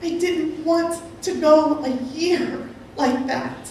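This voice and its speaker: High-voiced woman in an echoing hall. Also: fairly even intonation, darkish tone, slight background noise. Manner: earnest, halting, heartfelt storytelling. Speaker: speaker sharing a personal testimony. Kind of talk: emotional personal testimony. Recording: very echoey, voice from far off.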